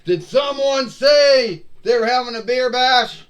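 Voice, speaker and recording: A man voicing a boastful male shark wrestler in a homemade toy wrestling show, shouting his lines. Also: extremely high pitch, unhurried, a little hiss or hum, pitched above the performer's own voice.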